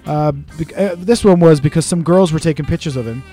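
A man's voice: on the high side, warm tone, faint music behind. A man co-hosting a podcast in casual chat, telling stories with lots of swearing and acted-out quotes. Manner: fast, swearing storyteller who acts out quotes. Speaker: podcast co-host.

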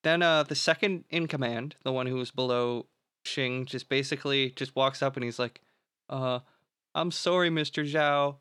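A man's voice: medium pitch, steady tone, normal speed, fairly bright tone, clear, resonant tone, no echo, studio quality. A young man co-hosting a casual podcast, recapping a film plot in a rambling, filler-heavy way and swearing freely.

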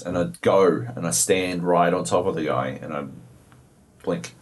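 A man's voice: deep voice, animated, normal speed. A young Australian man co-hosting a podcast, telling a story in a profane, exasperated way. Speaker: podcast co-host. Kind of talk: casual chat about video games.

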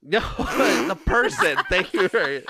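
A man's voice: sits high, animated, measured pace, pushed and bright. A man casually retelling a movie plot in a rambling, playful way, with frequent laughs and filler words.

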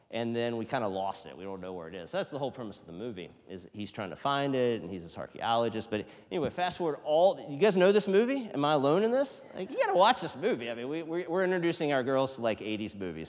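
Man preaching in a reverberant hall. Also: mid-range voice. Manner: conversational, drops from loud emphasis to hushed near-whispers. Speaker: pastor. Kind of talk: sermon. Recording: long reverb of a large hall.

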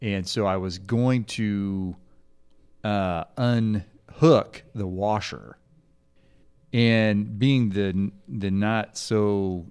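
A man with a smooth, resonant voice that sits a little on the low side. He chats casually on a church podcast and tells stories with lively quoted lines. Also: very slow. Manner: storytelling, animated when quoting. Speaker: podcast co-host. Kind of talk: casual chat.

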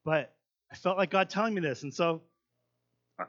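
A young man recounts a faith experience in an informal sermon voice, pitched somewhat high for a man. His delivery is chatty and halting, with plenty of fillers, then grows louder as the tension builds. The recording sounds dull and lo-fi. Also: lively intonation. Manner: conversational storytelling with fillers, swelling louder at intense moments. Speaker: speaker telling a personal testimony. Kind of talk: sermon-style personal story.

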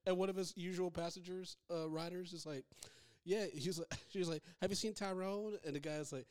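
A man's voice: on the high side, steady tone, brisk, darkish tone, clear, resonant tone, no room sound, studio quality. A man co-hosting a podcast, talking casually with incredulous, profane outbursts and frequent laughter about a bad movie. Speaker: podcast co-host. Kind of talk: casual movie review chat.

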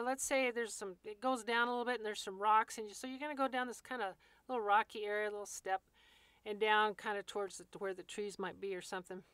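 A woman's voice: fairly high pitch, fairly bright tone, clean tone, no echo. A woman walking listeners through a scene step by step in a vivid, folksy teaching manner, speaking to them as "you". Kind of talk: guided walkthrough talk.

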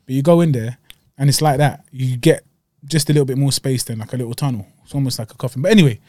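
A man's voice: mid-range voice, fast talker, darkish tone, no echo, studio quality. A man chatting as a podcast co-host, slangy, rambling and jokey. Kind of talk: casual banter.

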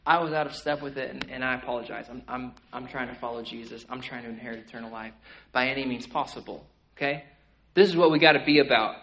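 A young man preaching a sermon as pastor, in an animated, conversational way full of fillers like "like" and "okay". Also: mid-range voice, quick pace, lo-fi sound.

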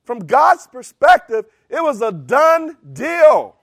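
A middle-aged man preaching a sermon as pastor, emphatic, swinging from loud bursts to hushed lines. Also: very high-pitched, very animated, takes it slowly, hardly any pauses, no echo, clean studio sound.

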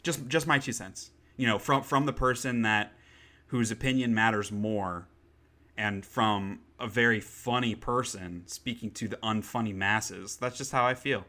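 Bright, sarcastic male podcast host. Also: on the low side, steady tone, measured pace. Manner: sarcastic, opinionated, swears casually. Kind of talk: casual chat.

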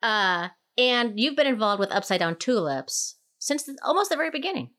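A woman hosts a relaxed podcast conversation. She talks easily and casually, and she is quick to laugh along with her guest. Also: a little high. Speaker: podcast host.

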